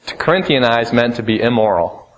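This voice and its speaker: A man preaching a sermon, emphatic, rising to fervent peaks and dropping to low, grave tones. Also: animated, fairly quick, rough recording.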